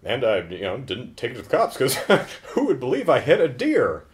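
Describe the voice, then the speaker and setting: A man's voice: medium pitch, wildly swooping pitch, moderate pace. A man casually recapping a horror film in a joking, sarcastic way. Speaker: film reviewer.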